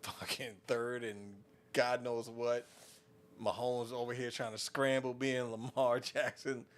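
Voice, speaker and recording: A man's voice: mid-range voice, little pitch movement, a little slow. A man co-hosting a casual sports podcast, joking and profane, acting out little bits. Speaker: podcast co-host.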